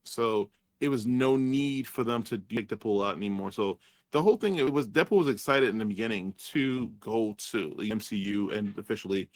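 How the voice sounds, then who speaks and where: A man's voice: lowish voice, brisk, no echo. A man reviewing a movie in casual chat, rambling and swearing as he retells scenes. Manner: rambling, profane, acts out characters' lines.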